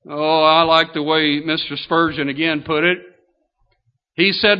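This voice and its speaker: A man's voice: fairly high pitch, slow, pauses often. An older man preaching a sermon in a folksy way, asking his listeners questions as he goes. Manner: folksy, asks the congregation questions. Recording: dull lo-fi sound.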